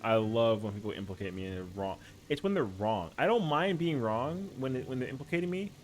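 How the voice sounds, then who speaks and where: Animated slangy male streamer. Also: medium pitch, fairly quick. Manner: slangy, animated, says yo and bro a lot. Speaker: game streamer. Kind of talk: casual stream chat.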